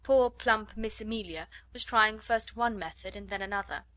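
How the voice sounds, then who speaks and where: A woman's voice: mid-range voice, no room sound. Woman reading a storybook aloud. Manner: expressive, measured reading. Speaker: narrator. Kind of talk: storybook narration.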